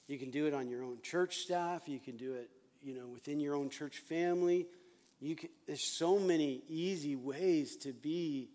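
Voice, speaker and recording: Pastor guy preaching, pretty high voice for a man, punchy and repetitive. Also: a little mellow. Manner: emphatic, repetitive, chuckling often. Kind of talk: sermon.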